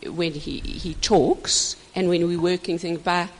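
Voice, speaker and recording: An older woman, a minister teaching couples, talking in an expressive, passionate way and laughing often. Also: on the low side, a little slow. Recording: reverberant hall.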